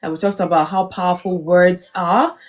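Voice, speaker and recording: A woman co-hosting a live stream discussion, recapping the topic and asking questions in a measured way. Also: on the low side, fairly even intonation. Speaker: co-host of live talk show.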